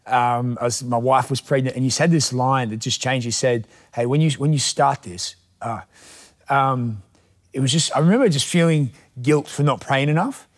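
A man's voice: medium pitch, moderate pace. A young adult man hosting a podcast, speaking reflectively and from the heart, with some hesitations. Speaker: podcast host and pastor. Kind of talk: casual conversational interview.

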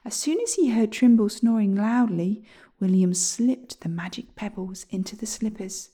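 A woman reading a children's story aloud, speaking gently and softly, often slipping into a whisper. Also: medium pitch, moderate pace, slightly rough.

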